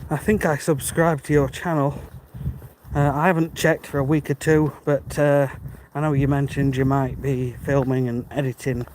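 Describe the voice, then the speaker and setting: A man's voice: mid-range voice, level tone, moderate pace, darkish tone, poor audio. A British man chatting casually to a live stream while walking outdoors, friendly and thinking aloud. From Britain. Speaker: livestream walker reading chat. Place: outdoors on a dark rural road. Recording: faint outdoor background noise. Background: birds and passing cars.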